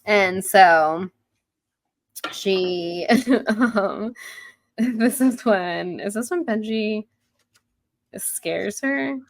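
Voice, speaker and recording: A woman's voice: medium pitch, very slow, gravelly, pauses often, no echo. A woman co-hosting a podcast about a book, retelling the chapter casually and acting out the characters' lines. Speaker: podcast co-host. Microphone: headphones and studio mic.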